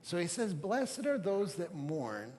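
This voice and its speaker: A man's voice: high voice, very animated, takes it slowly, a little mellow, a little hiss or hum. A middle-aged man preaching a sermon as a pastor, telling stories conversationally and with humor, in a church sanctuary. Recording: reverberant church hall with faint ambience.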